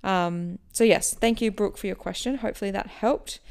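A woman hosting a podcast, answering listener questions in a relaxed, chatty way that explains as she goes. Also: mid-range voice, moderate pace, creaky. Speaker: running coach and podcast host.

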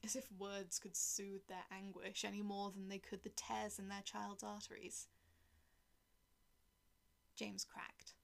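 A woman reading a dark first-person story aloud in a cold, detached way, often dropping to a whisper. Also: mid-range voice, little pitch movement, slow pace, gravelly, long pauses. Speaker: narrator.

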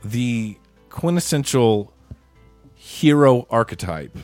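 Male podcast co-host, mid-pitched, argumentative ranter, swears a lot, dry sound. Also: big pitch swings, takes it slowly, darkish tone, no echo, soft background music. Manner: argumentative, profane rants. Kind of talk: casual heated movie debate.

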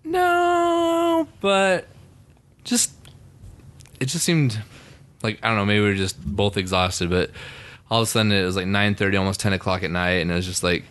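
A man's voice: low-pitched, a little fast, a bit bright, clean tone. A man co-hosting a casual chat podcast on a microphone, rambling with many fillers and restarts. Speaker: podcast co-host.

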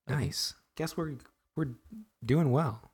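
A man's voice: a little high, slow pace, a little mellow, breathy edge. A man co-hosting a podcast in casual chat, hesitant and amused, with many fillers.

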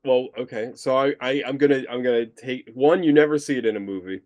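A man chatting casually about a film, rambling and restarting his sentences with animated asides. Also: mid-range voice, brisk, no echo, dull audio. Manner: rambly, self-interrupting, animated. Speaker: podcast co-host. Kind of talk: casual film review chat.

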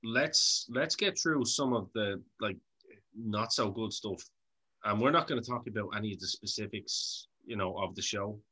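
A chatty Irish man hosting a casual podcast conversation. His voice sits a little low and has a bright, forceful edge. He laughs often and swears freely. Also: normal speed, slightly rough. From Ireland. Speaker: podcast host. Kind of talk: casual interview chat.

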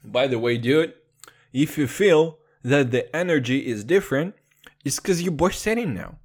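Male comedy podcast host, non-native English, foul-mouthed mock-gangster bravado, lively melody, slips into a fake deep voice. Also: moderate pace. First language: not English. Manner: dips into a put-on deep voice.

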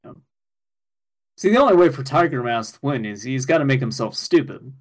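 A man co-hosting a casual podcast, recapping an anime episode in an excitable way, swearing and laughing as he goes. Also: medium pitch, brisk.

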